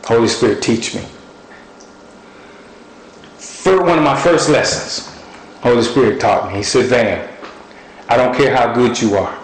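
A man preaching a sermon, telling personal stories in a lively, folksy way and sometimes quoting what God said to him. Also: mid-range voice, measured pace, pauses often, reverberant, a little hiss or hum, poor audio. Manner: animated storytelling, folksy speech.

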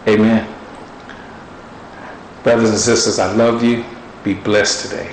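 A man's voice: fairly low pitch, steady tone, measured pace, a little hiss or hum. A man preaching a sermon in an earnest, conversational storytelling way. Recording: roomy echo with faint ambience.

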